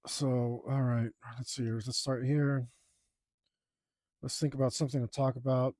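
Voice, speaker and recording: A man chatting casually as he works on his art, rambling and joking at his own expense, with loud groans at the dull parts. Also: mid-range voice, level tone, moderate pace, no room sound, studio quality. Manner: rambling, self-deprecating, groans and sighs aloud. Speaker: artist streaming his drawing process. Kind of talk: casual talk while working.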